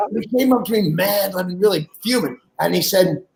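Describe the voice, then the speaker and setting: A man in his sixties, a guest, telling animated anecdotes and acting out the people he quotes. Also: high voice, vocal fry, echoey room, low-quality recording. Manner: animated storyteller who acts out quoted people, laughs mid-story. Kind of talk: anecdotal storytelling.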